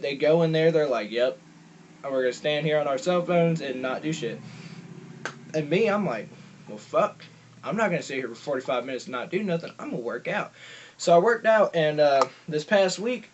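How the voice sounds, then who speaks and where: Casual vlogger, male, a bit high-pitched, swears a lot, rambles, on a muffled lo-fi mic. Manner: rambling, profane, many fillers and restarts. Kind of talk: casual storytelling monologue. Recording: dull lo-fi recording.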